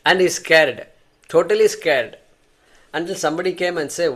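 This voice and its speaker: A man's voice: on the high side, normal speed, fairly bright tone. A man teaching a class, explaining with examples and often repeating words as he thinks. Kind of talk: class lecture.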